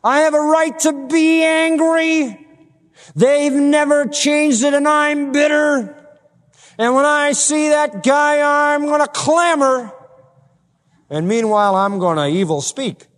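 A preacher doing an indignant, grudge-holding churchgoer. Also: male voice, high-pitched, moderate pace, few pauses, lightly acted. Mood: aggrieved. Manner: aggrieved, self-justifying, raised voice. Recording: long hall reverb.

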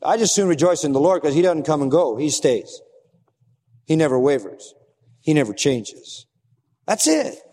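A man's voice: a little high, animated, moderate pace, pauses often, mellow, in a large hall. A man preaching an expository sermon as a pastor, emphatic and repetitive, rising and falling for emphasis.

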